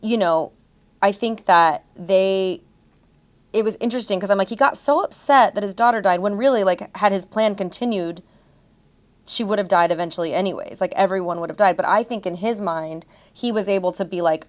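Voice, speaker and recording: A young adult woman co-hosting a podcast, in casual chat, chatty and quick to mimic others. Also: medium pitch. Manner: chatty, puts on voices when quoting. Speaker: podcast co-host.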